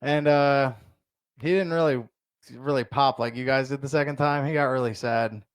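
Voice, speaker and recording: A man's voice: medium pitch, fairly even intonation, normal speed, clean tone, no echo. A young man doing a stand-up comedy set in a bar, telling crude stories in a loose, rambling way full of fillers.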